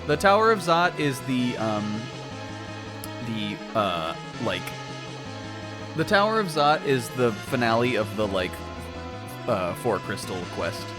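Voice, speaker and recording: A man's voice: mid-range voice, very animated, takes it slowly, long pauses, over music. A man streaming a game with casual, giggly commentary, swearing and voicing characters. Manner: giggly, swears, voices characters between remarks. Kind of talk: casual let's-play commentary.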